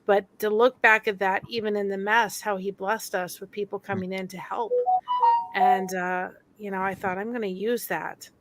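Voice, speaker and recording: A woman's voice: mid-range voice, level tone, normal speed, music in the background. A woman host in a casual chat, telling stories earnestly. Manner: earnest, storytelling.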